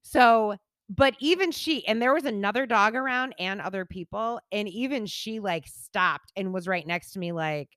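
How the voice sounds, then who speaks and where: A woman's voice: mid-range voice, normal speed, a bit bright, no room sound, clean studio sound. A woman in her forties, a podcast co-host, telling a story in casual chat, acting out the quotes and swearing freely. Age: 40s.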